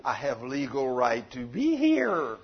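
A man's voice: mid-range voice, wildly swooping pitch, slow, highs cut off, voice pushed down, exaggerated voice. A man voicing a sly, stubborn male devil who refuses to leave. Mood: smug. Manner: smug, stubborn.

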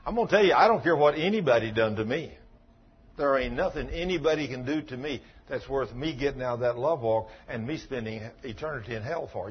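A man's voice: mid-range voice, brisk, slightly rough, dull audio. A man preaching a sermon in a folksy, emphatic way, telling stories and acting out the dialogue. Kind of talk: sermon with storytelling.

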